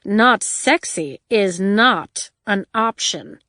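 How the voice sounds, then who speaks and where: A woman's voice: fairly high pitch, sing-song, dry recording, studio quality, exaggerated voice. A woman voicing a flamboyant, vain female supervillain who talks in a theatrical drawl. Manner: drawling, theatrical, drawn-out words.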